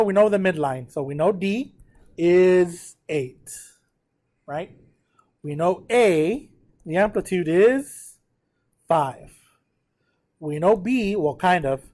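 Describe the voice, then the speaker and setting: Man teaching math, slightly high voice. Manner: talks to students directly, counts out loud, thinks aloud. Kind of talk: lesson working through a problem aloud.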